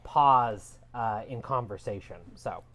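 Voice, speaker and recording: A woman's voice: a bass voice, takes it slowly, muffled recording. A woman running a tabletop role-playing game, narrating scenes in a chatty, rambling way. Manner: chatty and rambling, full of fillers. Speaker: game master.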